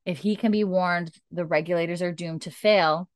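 A woman lightly voicing a stern warrior, a man of few words with a low, grave tone. He speaks slowly and evenly, and his voice is close and dry. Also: fairly even intonation, no room sound, natural voice. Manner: grave, measured, lowered voice.

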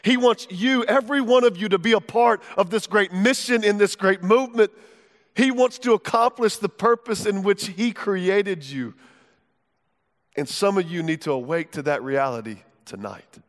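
A male pastor delivers a fervent, conversational sermon and keeps turning to the crowd with direct questions. His voice sits high for a man. Long reverb trails his words through a large church auditorium. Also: normal speed.

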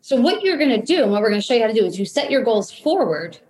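A woman in her thirties, a business coach, leads a live online workshop in a casual, energetic way, often checking in with "right?". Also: fairly high pitch, fast. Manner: energetic, repeats points with "right?"; casual, occasional swearing.

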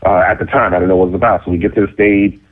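A middle-aged man telling a story in casual talk, cocky and animated, jumping into high squeaky voices for the people in it. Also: rapid-fire. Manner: cocky, self-mocking. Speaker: interview guest. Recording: phone-like narrow sound.

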